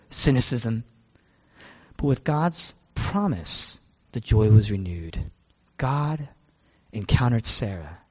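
A man's voice: on the high side, big-room sound. A male pastor preaching a sermon, asking rhetorical questions and repeating his key phrases.

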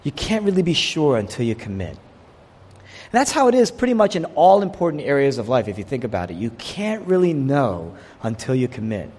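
Man, pastor, sermon, husky, lively rising and falling pitch, long church-hall echo. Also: moderate pace. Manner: animated preaching, quotes figures in voiced asides.

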